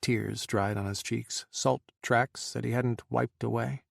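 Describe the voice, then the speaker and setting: A man reading an audiobook in a measured, dramatic narration style. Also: medium pitch, steady tone, gravelly, no room sound, studio quality. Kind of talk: scripted narration.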